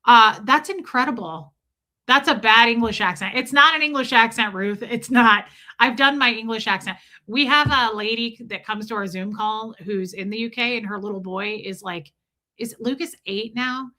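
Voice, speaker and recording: A woman hosts a casual livestream, chatting away and gushing thanks to her viewers. Her voice is bright and forceful, sitting a little high. She talks in a loose, effusive flow. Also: normal speed. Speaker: livestream host.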